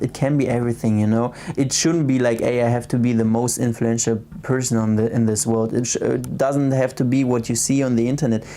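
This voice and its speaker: Young German-accented male streamer, casual late-night chat, soft and hesitant delivery, medium pitch. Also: a little hiss or hum. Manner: soft-spoken, hesitant, many restarts and fillers. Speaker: livestream host.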